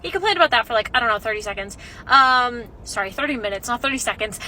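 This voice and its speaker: A young woman telling a story about a bad date in a casual, animated and exasperated way. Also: fairly high pitch, rapid-fire, hardly any pauses, slight background noise, poor audio.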